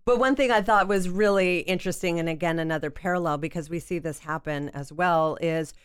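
A woman's voice: on the low side, brisk, clear, resonant tone. A woman co-hosting a podcast, asking questions in a friendly, enthusiastic way. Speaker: podcast co-host. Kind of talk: interview conversation.

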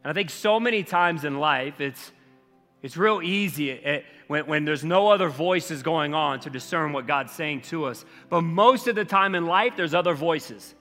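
Guy preaching, kinda high bright voice, echoey church hall. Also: moderate pace, faint music behind. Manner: conversational preaching, animated and emphatic. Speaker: pastor. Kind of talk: sermon.

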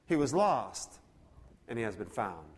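A man's voice: mid-range voice, big pitch swings, unhurried, breathy edge. A man preaching a sermon, reading scripture aloud and often restarting his words. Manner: earnest preaching, frequent stammered restarts, reads scripture aloud. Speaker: pastor.

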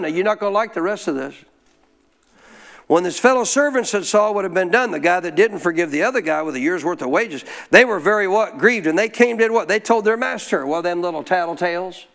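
A man teaching scripture in a folksy, informal way, prompting listeners to answer him out loud. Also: high-pitched, animated, fairly quick, soft background music. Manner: call-and-response, prompts listeners to answer aloud. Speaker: Bible teacher. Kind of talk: interactive Bible teaching.

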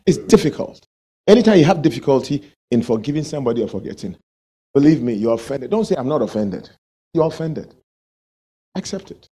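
A man's voice: medium pitch, sing-song, brisk, dark tone, breathy edge. A male pastor preaching a sermon, asking the congregation questions and acting out everyday quarrels.

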